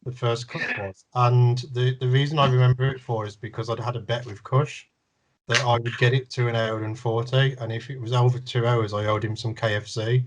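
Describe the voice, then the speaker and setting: A man's voice: medium pitch, steady tone, brisk, lo-fi sound, a little hiss or hum. A man chatting casually on a video call, rambling with lots of fillers and jokes. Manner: rambling, filler-heavy, jokey. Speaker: film director.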